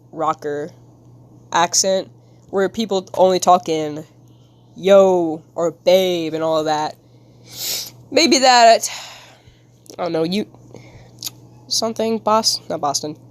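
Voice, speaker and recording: A woman's voice: mid-range voice, no room sound. A woman streamer chatting casually with her viewers while she draws, giggling and rambling in a silly way. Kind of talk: casual live-stream chat while drawing.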